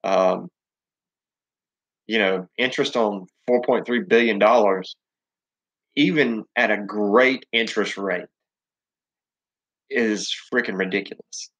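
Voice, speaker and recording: A man's voice: on the low side, takes it slowly, long pauses, fairly bright tone. A man with a Southern US accent hosting a casual live chat, rambling and swearing, full of ums and restarts. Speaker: live stream host.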